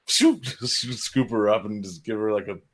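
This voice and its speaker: A man's voice: fairly low pitch, normal speed, breathy edge. A man co-hosting a casual podcast, profane and laughing easily as he talks. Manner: laughs while talking, profane. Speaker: podcast co-host. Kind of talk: casual chat.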